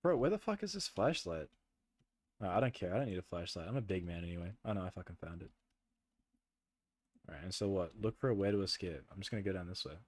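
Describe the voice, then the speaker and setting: A man's voice: deep voice, expressive, fast, long pauses. A young man streaming a horror game, chatting with friends, swearing a lot and laughing nervously.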